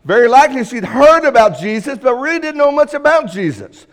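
High-voiced man preaching a sermon. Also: big pitch swings, brisk. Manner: emphatic, swings between loud and hushed. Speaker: pastor.

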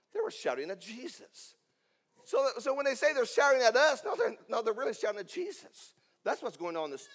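A man preaching a sermon, swinging between loud emphatic lines and hushed asides. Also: high voice. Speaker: pastor.

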